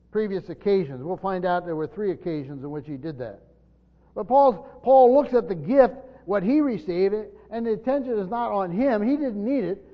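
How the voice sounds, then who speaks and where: A man pastor teaching through a Bible passage verse by verse, often restarting his sentences and stressing key points, recorded in a church hall. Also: sits high. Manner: stumbling restarts, emphatic rises on key points. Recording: dull sound, long hall reverb.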